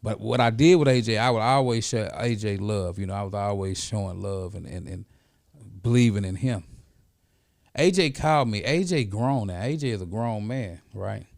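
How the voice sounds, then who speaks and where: A middle-aged man, a podcast guest, telling a story in a lively, casual way and often checking in with "right?". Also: fairly low pitch, moderate pace, gravelly, no room sound, studio quality.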